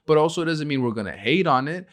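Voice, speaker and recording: A man's voice: fairly high pitch, animated, quick pace, fairly bright tone. A young man co-hosting a casual podcast, talking brashly and profanely, laughing and acting out little scenes. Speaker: podcast co-host.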